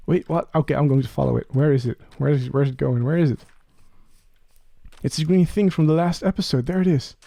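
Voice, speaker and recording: A man's voice: fairly high pitch, moderate pace, creaky, pauses often, no echo. A young man, chatting as he plays a game and talking to the creatures on screen. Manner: chatty, talks to game creatures, excited rising questions. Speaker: Let's Play creator. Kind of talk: casual gameplay commentary.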